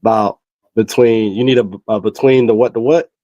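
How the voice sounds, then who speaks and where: A man's voice: fairly low pitch, steady tone, normal speed, mellow, highs cut off, slight background noise. A man on a podcast video call, answering a host's dating quiz in a laid-back way with blunt slang. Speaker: podcast guest taking a quiz. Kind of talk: casual group chat on a video call.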